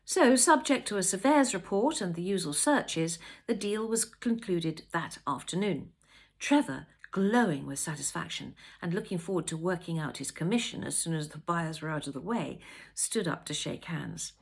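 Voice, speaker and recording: A woman reading a novel aloud with expressive, measured storytelling. Her pitch moves a lot as she shapes each sentence. She sounds like an author sharing her own book. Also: vocal fry, slightly rough.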